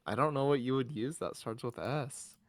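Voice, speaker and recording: A man in an easygoing podcast chat, stopping and restarting his sentences as he talks. His pitch sits mid-range, and the sound is dry and close, with no room around it. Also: no echo. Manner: halting, restarts often, laughs easily. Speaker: podcast co-host. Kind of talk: casual chat.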